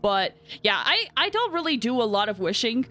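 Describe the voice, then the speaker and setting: A woman's voice: a little high, sing-song, moderate pace, fairly bright tone, faint music behind. A young woman streaming a game, chatting with viewers in a bubbly, giggly way. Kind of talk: casual live-stream chat.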